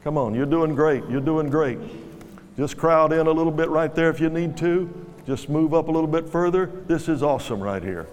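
Preaching at normal speed in a slightly high, darkish voice, a visiting male pastor urges his congregation, repeating commands to them. It's captured live in a big church hall full of reverb, music and crowd sound.

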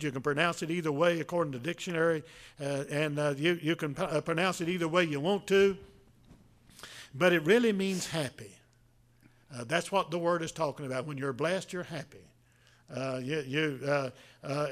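An elderly preacher in his seventies, with a voice a little on the high side for a man, delivers a homey sermon. His folksy talk halts and restarts frequently, with lots of fillers, as he makes his way through each point.

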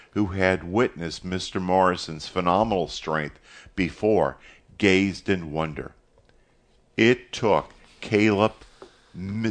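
A man narrating a story as an audiobook, measured and steady. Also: low-pitched.

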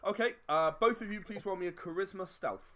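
A man's voice: high-pitched, fairly quick, a bit bright, a little hiss or hum. A man running a tabletop game as game master, narrating in a rambling style with frequent fillers and chuckles.

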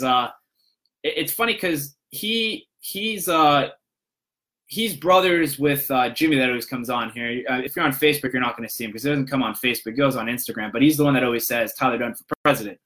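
A man's voice: medium pitch, pushed and bright. A young man casually telling a long, rambling story to his viewers, full of restarts and "he's like" quotes. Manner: rambling, many restarts and "I'm like".

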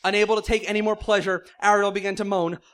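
High-pitched guy reading dumb fan fiction out loud, fake serious, keeps cracking up. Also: level tone, fast talker, a little hiss or hum. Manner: mock-serious narration, breaking into laughter. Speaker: comedic reader.

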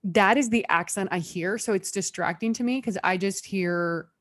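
A woman co-hosting a podcast, chatting casually, asking questions and making quick asides. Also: medium pitch, a bit bright, no room sound. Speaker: podcast co-host. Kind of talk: casual chat.

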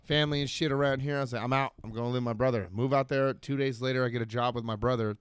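A man co-hosting a podcast, telling a story in a casual, animated way, swearing often and acting out the voices of the people in it. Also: mid-range voice, very fast, smooth, no echo. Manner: animated, swearing, acts out voices when excited. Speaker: podcast co-host.

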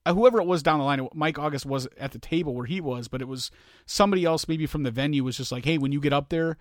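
A man's voice: fairly high pitch, quick pace, no echo, studio quality. Man chiming in on a podcast. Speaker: podcast co-host. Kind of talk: casual chat.

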